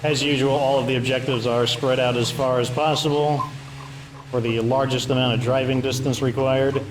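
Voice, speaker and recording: A man's voice: medium pitch, little pitch movement, normal speed, background noise. A man streaming a game, chatting casually and thinking aloud as he plays. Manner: chatty, offhand, thinks aloud while playing. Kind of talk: casual gameplay commentary.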